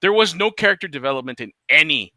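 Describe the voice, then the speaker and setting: A male host with a very bright, slightly raised voice rants casually, swearing freely and breaking into laughs. The recording is close and dry. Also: fairly high pitch, animated, fast talker, no room sound. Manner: profane, ranting, laughs often. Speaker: podcast host. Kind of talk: casual chat.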